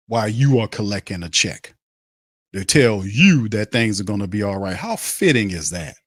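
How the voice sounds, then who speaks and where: A man's voice: on the low side, lively intonation, unhurried, a bit bright, no room sound, studio quality. A man hosting a sports podcast, delivering a blunt, heated, profane rant that hammers the same points home.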